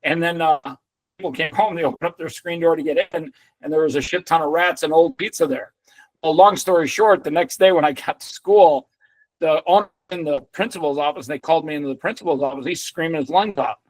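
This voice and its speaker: A middle-aged man telling an animated story as a podcast guest, swearing freely and acting out other people's lines. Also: on the high side, brisk, no echo, rough recording.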